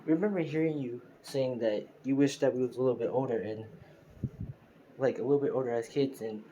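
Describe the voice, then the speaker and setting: A man voicing a group of small, clever children in his own low voice, rambling on plainly. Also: brisk, dark tone, slight background noise, natural voice, poor audio.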